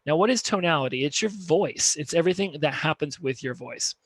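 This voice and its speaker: A man's voice: on the high side, fairly quick, breathy edge, soft background music. A man coaching on communication in a conversational instructional talk, often checking in with "right?". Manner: conversational, peppers points with "right?".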